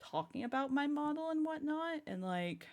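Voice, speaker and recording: A woman's voice: sits high, animated, normal speed, darkish tone. A woman streamer chatting casually to her viewers, bubbly and rambling, often breaking into giggles. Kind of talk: casual live-stream chat.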